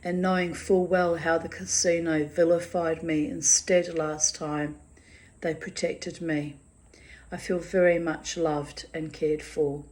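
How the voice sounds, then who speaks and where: A woman's voice: deep voice, flat delivery, slow, darkish tone. An older woman reading her diary aloud in a blunt, sweary, exasperated way. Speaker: diarist reading her journal. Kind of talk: diary-style personal reading.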